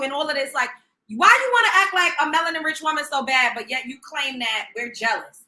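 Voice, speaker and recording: Woman host going off on a livestream, super bright high voice, cussing, roomy echo. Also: animated, fairly quick. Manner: profane, sarcastic, emphatic. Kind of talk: heated reaction rant.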